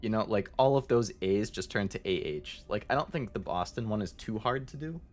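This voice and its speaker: A man's voice: fairly low pitch, animated, fairly quick, faint music behind. A man streaming as a VTuber, chatting casually and rambling as he answers his chat, with many fillers.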